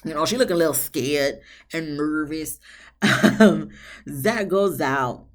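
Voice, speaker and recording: A woman with a low voice slowly recaps a reality TV episode as a reviewer, chatty and slangy. She tells it in an animated way, acting out what the people in the episode said.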